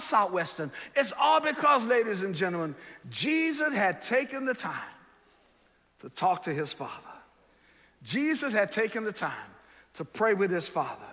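A man preaching a sermon in a seminary chapel, building with rhythmic repetition, swelling to shouts and dropping low. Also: big pitch swings, normal speed. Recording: long hall reverb.

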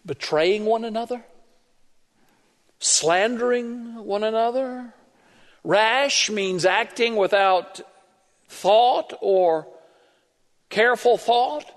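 High-voiced man preaching in a reverberant hall. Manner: emphatic preaching, drawn-out stressed words. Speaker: pastor. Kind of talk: sermon. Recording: long reverb of a large hall.

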